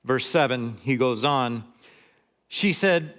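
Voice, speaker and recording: A man's voice: mid-range voice, expressive, unhurried, fairly bright tone. An older man from Montana giving a conversational sermon as a guest preacher, reading scripture and adding joking asides.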